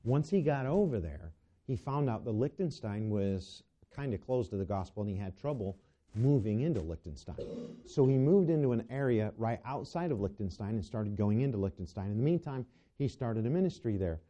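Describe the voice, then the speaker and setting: Male preacher, sermon, very dark timbre, stumbling restarts, lo-fi church recording. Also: lowish voice, animated, moderate pace. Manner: asks the congregation rhetorical questions, stumbles and restarts. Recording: dull lo-fi recording.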